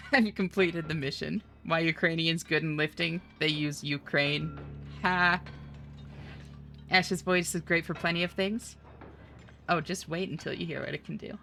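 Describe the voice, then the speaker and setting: Teasing gamer girl chatting to her stream, crisp bright tone, faint music underneath. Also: lowish voice, steady tone.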